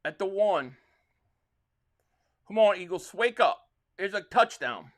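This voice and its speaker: A Philadelphia-area man speaks slowly in a high, expressive voice while hosting a live football reaction stream. He rambles with a fan's frustration and reads viewer super chats out loud.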